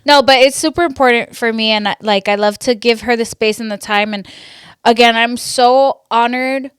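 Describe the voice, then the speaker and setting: Smooth-voiced woman host. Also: a little high, fairly even intonation, normal speed, no room sound, studio quality. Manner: supportive, warm affirmations like "period". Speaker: podcast host. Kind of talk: casual chat.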